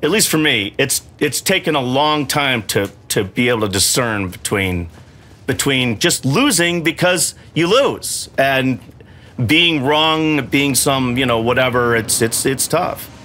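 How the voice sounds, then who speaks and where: A man's voice: medium pitch, expressive, measured pace, bright, forceful tone. A middle-aged man at home giving casual gameplay commentary, frustrated and swearing as he talks himself through a fight. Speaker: gamer. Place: home room.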